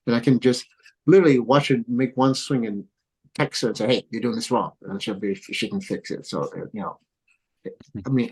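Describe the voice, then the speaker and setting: In a low-quality podcast recording, a middle-aged man with a husky, mid-range voice shares lively stories about coaching golf. The father of a pro golfer, he came to the U.S. as a kid, and he laughs frequently while voicing the people he quotes.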